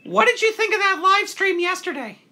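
A man gives an extremely high, sharp, exaggerated voice to a cheery male toilet paper puppet hosting a live call-in show. The talk is chatty, playful, and cheerful, delivered animatedly and a little fast.

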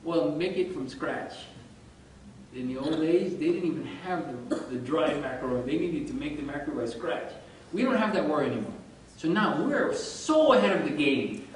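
A man with a notably high voice gives an animated, informal lesson, quizzing his listeners as he goes. He sounds distant from the microphone in a heavily echoing room. A faint low rumble sits underneath. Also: normal speed. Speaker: religious study teacher. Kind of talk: informal lecture to a group. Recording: very echoey room, far from mic, faint rumble.

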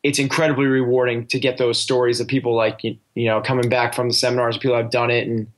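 A man's voice: mid-range voice, level tone, fast. A man talking earnestly as a coaching guest on a podcast, restarting his sentences often. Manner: earnest, with many restarts and fillers. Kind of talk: casual interview talk.

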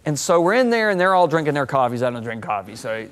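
A man in his sixties, speaking as a guest on a TV talk show. He tells stories with a sermon-like drive, his voice sitting a touch high and leaping higher when a story peaks. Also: fast talker, clean tone. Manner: lively, swings pitch up and down while telling stories.

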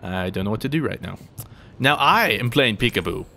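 Animated young man joking through gameplay. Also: on the low side, fairly quick, vocal fry, slight background noise. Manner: jokey, animated, talks to opponents and himself. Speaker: gaming YouTuber. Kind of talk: gameplay commentary.

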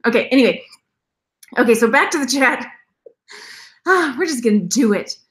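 Bright high-voiced chatty woman host. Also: expressive, moderate pace. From Texas. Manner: rambling, chatty, laughs often. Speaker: jewelry reseller, channel host. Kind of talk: live-stream chat with viewers.

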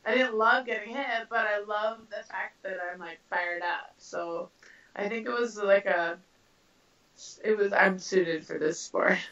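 A woman from Canada, a professional boxer, answering interview questions in a casual, animated way with many fillers. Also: mid-range voice, measured pace. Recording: roomy, distant, dull sound.

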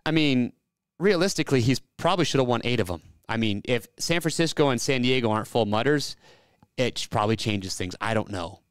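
Smooth-voiced man talking racing casually. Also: mid-range voice, animated, brisk, no echo. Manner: opinionated, rambling, restarts his thoughts. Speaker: fantasy racing show co-host. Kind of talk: casual sports chat.

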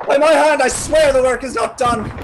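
A man plays a hot-headed Irish army captain, high-pitched and blustering. He talks in agitated bursts. Gunfire crackles steadily behind him. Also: fairly even intonation, moderate pace. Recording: battle sound effects behind.

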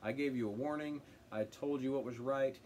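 A man leading a casual Bible study, reading scripture aloud and commenting on it in an animated, conversational way. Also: medium pitch, normal speed, slight background noise. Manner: animated, paraphrasing God's words in a direct conversational voice.

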